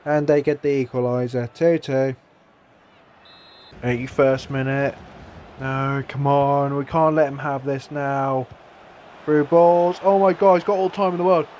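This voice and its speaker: A young man commentating his own football video game, excitable, swearing and shouting at his players. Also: mid-range voice, a little slow, pauses often, dull audio, a little hiss or hum. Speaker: gaming YouTuber.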